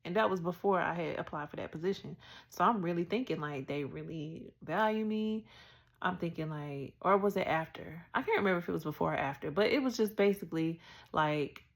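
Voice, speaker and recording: A woman candidly retelling a personal work story, animated and acting out the quotes. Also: fairly low pitch, fairly quick, gravelly. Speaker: podcast host.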